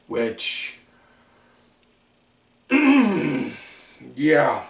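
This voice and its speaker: Slow-talking man recapping wrestling. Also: fairly high pitch, expressive, a bit bright. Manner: slow, drawn-out, rambling delivery with frequent fillers. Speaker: wrestling podcast host. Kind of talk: casual wrestling recap commentary. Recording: echoey room, far from the mic.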